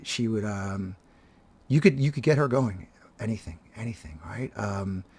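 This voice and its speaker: A man in his fifties with a husky, slightly breathy voice speaks casually and reflectively to his video audience. He halts often, restarting sentences and repeating words as he gathers his thoughts. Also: lowish voice, normal speed, a little mellow. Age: 50s. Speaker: vlogger and teacher. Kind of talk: reflective casual talk to viewers.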